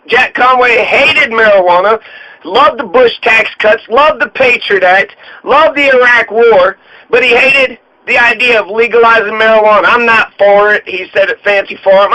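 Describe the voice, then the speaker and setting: Sarcastic high-voiced man ranting on politics. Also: pushed and bright, low-quality recording. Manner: heated, sarcastic, repetitive mocking. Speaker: political commentary host. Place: home studio in Colorado.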